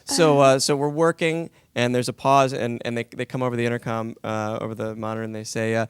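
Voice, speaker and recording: A man, a voice actor telling a lively anecdote on a panel and acting out the lines he quotes. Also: medium pitch, a little fast, smooth, no echo. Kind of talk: casual storytelling on a panel.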